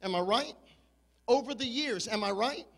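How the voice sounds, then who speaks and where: A man in his fifties, a pastor preaching an impassioned sermon that swings from shouting to low, confiding talk. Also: lively intonation, normal speed, long reverb tail.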